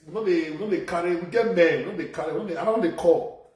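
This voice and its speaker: A man's voice: fairly high pitch, fast talker, recorded from a distance. Nigerian Pidgin man ranting in an echoey room. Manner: loud, animated ranting with laughs and repeated phrases. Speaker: social media commentator. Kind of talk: ranting live video commentary. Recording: echoey room, voice away from mic.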